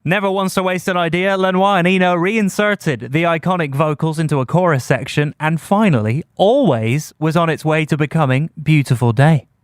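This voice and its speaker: Brief male host narrating a music documentary podcast, somewhat high, smooth and dry, measured delivery. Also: dry recording. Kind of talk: scripted narration.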